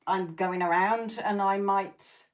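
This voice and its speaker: A woman's voice: mid-range voice, steady tone, takes it slowly. Blunt, laughing woman psychic host. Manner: blunt and profane, laughing often; coaching, repeats "okay?" to check in. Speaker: psychic tarot reader hosting a live stream. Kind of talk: casual live-stream chat with viewers.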